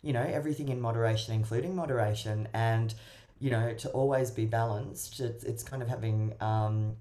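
A woman love coach and matchmaker, a podcast guest giving casual advice, expressive and prone to acting out little voices. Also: a bass voice, a little fast. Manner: expressive, acts out little voices while explaining.

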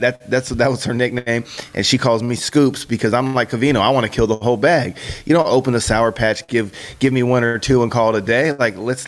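A man co-hosting a podcast, chatting in a relaxed, slangy way and often saying bro and dude. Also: mid-range voice. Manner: laid-back, slangy, says bro and dude a lot. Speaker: podcast co-host. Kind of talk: casual chat.

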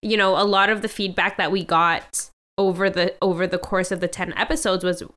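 A woman co-hosting a podcast with a bright, crisp tone. She chats casually, breaks into laughs often and fills her sentences with little fillers. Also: on the low side, little pitch movement, a little fast. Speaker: podcast co-host. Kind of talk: casual chat.

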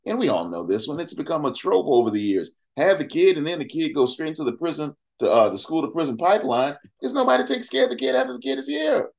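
A podcast guest with a fairly high, vocal-fry voice talks very animatedly and fast, with few pauses. He's impassioned and conversational, emphatically firing off rhetorical questions between casual fillers and asides.

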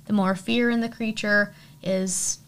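A woman's voice: mid-range voice, fairly even intonation, unhurried, fairly bright tone, clean tone. A woman hosting a horror podcast, casually retelling a film's plot in a chatty way with lots of fillers. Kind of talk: casual film recap.

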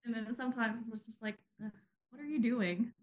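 A woman's voice: fairly high pitch, fairly even intonation, a little fast, lo-fi sound. A young married woman co-hosting a podcast in casual chat, joking and laughing often. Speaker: podcast co-host.

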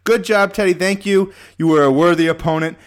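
A man chatting casually on a podcast, telling an animated fantasy football story and swearing freely. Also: high-pitched, fairly quick, smooth. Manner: animated storytelling, acts out his own shouts. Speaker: fantasy football league member.

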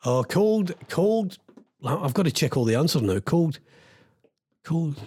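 A man's voice: on the high side, big pitch swings, slow pace, a little mellow, breathy edge. A Scottish man hosting a casual live-stream quiz as a radio DJ, teasing his listeners as he reads out their comments. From Scotland.

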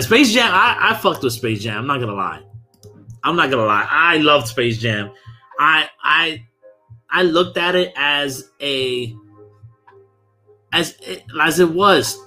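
A young man from Brooklyn, hosting a podcast in a loose, profane, animated chat and laughing often. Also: on the high side. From Brooklyn, New York. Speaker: podcast host. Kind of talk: casual chat.

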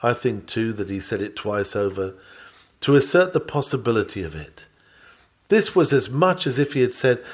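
Male preacher, mid-pitched, earnest and emphatic sermon delivery. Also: very animated, moderate pace. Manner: earnest, emphatic, repeats key phrases. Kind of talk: sermon read aloud.

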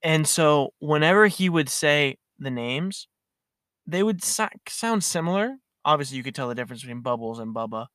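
A young man casually telling a funny story, animated and often laughing. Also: a little high, moderate pace, dry recording, studio quality.

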